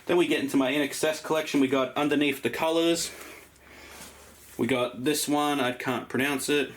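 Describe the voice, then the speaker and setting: A vlogger from Australia rambles through his record collection in a relaxed show-and-tell, dropping many ums and uhs as he names albums. His voice is on the high side, steady and moderately paced, with a little hiss or hum.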